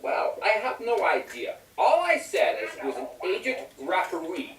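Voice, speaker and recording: An excitable middle-aged football manager, as a man puts him on, his voice leaping up and down across a huge range. He drags his words out slowly and rambles. The sound is roomy and echoey, picked up from well away from the mic. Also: exaggerated voice. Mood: rambling. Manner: wild pitch swings, drawn-out words. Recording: roomy echo, mic at a distance.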